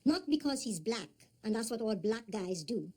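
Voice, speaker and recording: Woman, guarded neighbour, blunt, sardonic, TV crime drama, somewhat high pitch. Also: big pitch swings, moderate pace, darkish tone. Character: blunt wary female neighbour, adult, defensive. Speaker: neighbour questioned by police.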